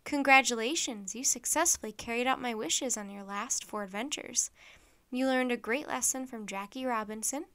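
A woman reads as a kindly enchantress from a children's storybook, gracious and welcoming. Her voice sits a little high and plain. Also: moderate pace, pushed and bright.

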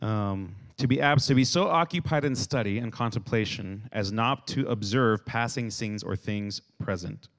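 A man preaching a lively youth sermon who acts out everyday scenes and has the crowd repeat words after him. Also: lowish voice, normal speed, few pauses. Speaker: youth speaker.

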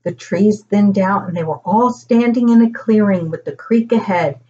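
An older woman reading a children's storybook aloud, animated as she voices the grandchildren and grandparents. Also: moderate pace, highs cut off. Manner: animated, pitching up for children's lines.

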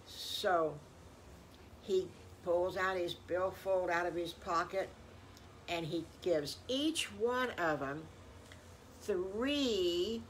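A woman's voice: on the low side, very slow, slight background noise. An older woman improvising a bedtime story for children, rambling with folksy exclamations.

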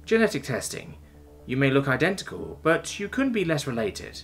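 A man voicing a calm, patient male interrogator who questions mildly and evenly. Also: medium pitch, normal speed, gravelly, faint music behind, exaggerated voice. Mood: calm probing. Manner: mild, even, coaxing questioning.

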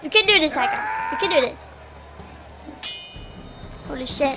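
A woman's voice: sits high, animated, moderate pace. A woman streaming a game, chatting casually, laughing often and cheering or groaning at what happens on screen. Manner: giggly, laughs often between lines. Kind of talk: casual live gameplay chat. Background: faint background music.

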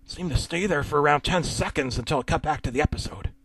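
A man's voice: on the high side, quick pace, fairly bright tone, slight background noise. A man reading a horror story aloud, casual and wry, sometimes dropping to a whisper. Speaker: narrator.

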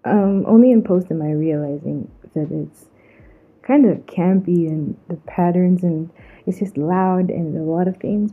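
A woman's voice: lowish voice, husky. A woman from Zambia narrating her own vlog in a casual, playful, self-mocking way. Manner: playful, self-mocking, drawn-out slang asides. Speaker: vlogger. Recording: muffled phone-like mic.

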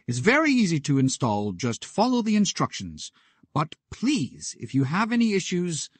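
Chatty man with lively pitch. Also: no room sound. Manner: chatty, explanatory. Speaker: tech video host. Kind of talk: tutorial narration.

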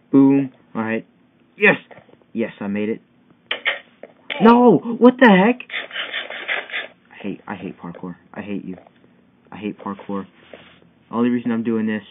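A young man giving excitable, frustrated commentary while playing a parkour game, yelping at each failed jump. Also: lowish voice. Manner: excitable, yelping and whining at failures. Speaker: gamer. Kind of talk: gameplay commentary. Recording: tinny phone-like mic with faint hiss.

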